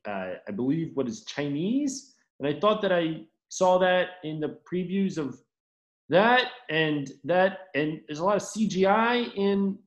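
A man co-hosting a podcast in casual chat, deadpan and self-mocking. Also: fairly high pitch, unhurried. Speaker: podcast co-host. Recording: echoey room.

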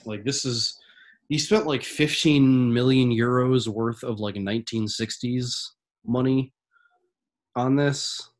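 A man co-hosting a podcast while sick, his voice husky and congested, talking in a groggy, grumbling, halting way. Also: medium pitch, fairly even intonation. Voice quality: husky from illness. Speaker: podcast co-host. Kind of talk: casual chat.

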